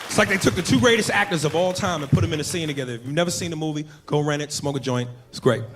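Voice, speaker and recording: A man's voice: on the high side, racing. A male stand-up comedian with a crude, brash, conversational delivery on a comedy club stage. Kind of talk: stand-up routine. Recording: live club recording with crowd noise.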